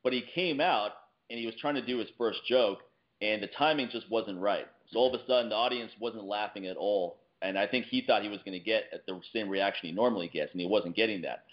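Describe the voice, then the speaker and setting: A man co-hosting a podcast, telling anecdotes in a casual, animated way. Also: fairly low pitch, brisk, dull audio. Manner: animated anecdote teller, acts out quotes. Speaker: podcast co-host. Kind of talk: casual podcast chat, storytelling.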